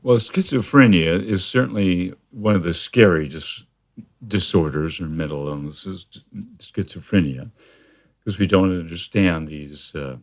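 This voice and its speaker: A man speaking as a therapist guest in a conversational interview, explaining at a measured pace with frequent fillers and restarts. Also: low voice.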